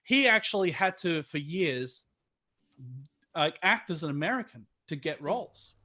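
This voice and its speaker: Bright-voiced Australian man, chatty. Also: on the high side, animated, measured pace. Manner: chatty, explanatory, laughs while telling anecdotes. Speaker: voice actor panelist. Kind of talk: casual panel chat on a video call.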